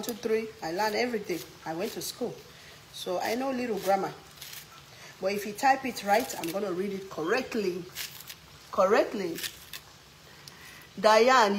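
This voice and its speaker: A woman's voice: mid-range voice, slight background noise, poor audio. A woman from Africa with an African English accent, hosting a casual cooking vlog, chatting playfully while reading viewer comments and teasing her audience.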